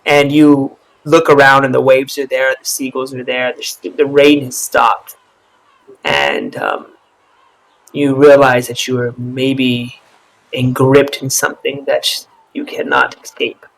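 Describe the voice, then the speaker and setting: Here a man with a mid-range voice narrates a tabletop role-playing game as its game master, describing scenes and events. He tells the story in a slow, easygoing, gravelly way over poor audio.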